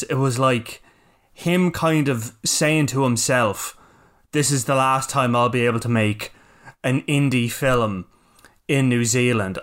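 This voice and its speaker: A man's voice: mid-range voice, a bit bright. A man, a radio presenter, musing aloud and rambling as he chats casually about a film.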